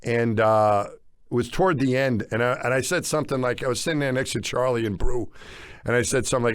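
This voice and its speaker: A middle-aged man co-hosting a podcast, telling a story casually with lively chuckles. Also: medium pitch, quick pace, clean tone, dry recording, studio quality. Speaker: podcast co-host.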